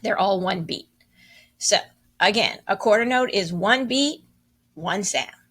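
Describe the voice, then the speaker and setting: A woman's voice: medium pitch, expressive, unhurried, fairly bright tone, slightly rough. A woman teaching a music lesson, encouraging as she counts and chants rhythms aloud.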